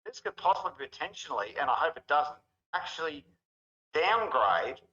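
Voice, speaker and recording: Brief: male co-host, bright edgy voice, blunt and swearing, dull lo-fi audio. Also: a little high, sing-song, moderate pace. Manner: blunt, profane, exasperated. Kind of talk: casual commentary chat. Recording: dull lo-fi sound.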